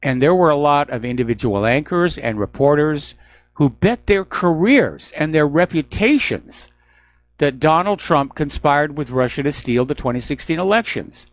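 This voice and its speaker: A man's voice: on the high side, animated, normal speed, no room sound. Indignant radio talk host, man. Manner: indignant, emphatic. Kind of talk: news commentary monologue.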